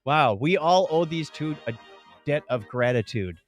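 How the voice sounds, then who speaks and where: A man's voice: fairly high pitch, expressive, unhurried, soft background music. A man co-hosting a casual podcast, reading history notes and joking at his own slips. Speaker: podcast co-host.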